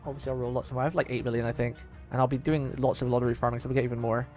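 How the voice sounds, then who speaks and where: A man's voice: medium pitch, level tone, very fast, few pauses, a little mellow, soft background music. A young man streaming live, chatting casually with fillers while his throat is sore. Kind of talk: live stream reading a game aloud.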